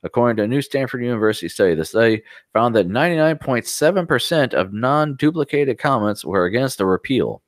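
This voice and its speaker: A man's voice: medium pitch, lively intonation, brisk, hardly any pauses, no room sound, studio quality. A man co-hosting a casual podcast, reading news articles aloud and adding sarcastic asides. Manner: sarcastic asides between read passages. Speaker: podcast co-host.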